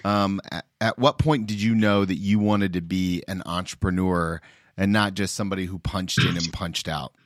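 A man's voice: low voice, fairly even intonation, moderate pace, dry recording, studio quality. A man hosting a podcast interview, asking searching questions with frequent stumbles. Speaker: podcast host. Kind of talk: interview conversation.

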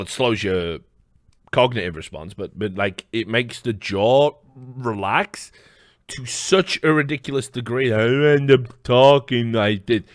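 A man's voice: on the low side, no room sound, clean studio sound. A man hosting a live stream, rambling through casual reaction commentary with lots of swearing and laughing asides.

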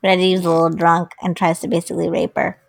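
Woman, casual chat, co-host, quick interjections. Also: on the low side, little pitch movement, vocal fry. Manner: chimes in to correct and add plot details. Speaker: podcast co-host.

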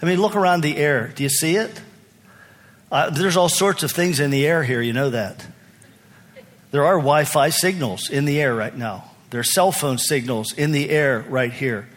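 A man's voice: fairly high pitch, moderate pace. Man preaching a conversational sermon. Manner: earnest, conversational preaching with frequent restarts. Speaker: pastor.

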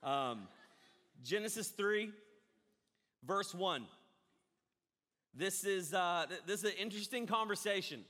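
A man preaching a sermon, rambling and animated, often breaking off mid-thought. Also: high voice, measured pace, pauses often. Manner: rambling, animated, self-interrupting. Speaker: pastor. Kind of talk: live-streamed sermon. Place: church hall. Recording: echoey hall reverb.

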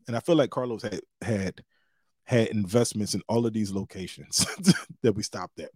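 A man hosting a podcast, telling a story in a casual, animated way and acting out what others said with big jumps in his voice. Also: moderate pace, dry recording, studio quality. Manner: animated, acts out quotes with big pitch jumps. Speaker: podcast host.

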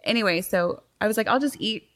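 Woman, thirties, casual storytelling, animated, laughs a lot, mid-pitched voice. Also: a little fast. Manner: animated, laughs often, acts out quotes. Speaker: storyteller recounting a date. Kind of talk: casual chat.

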